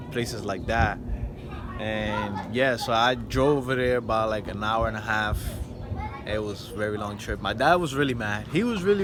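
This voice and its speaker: A man's voice: mid-range voice, noisy background. A young man vlogging casually at home, rambling with lots of fillers as he talks about his car. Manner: rambling, filler-heavy, keeps saying "and yeah". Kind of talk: casual vlog talk. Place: outdoors at home, yard and car.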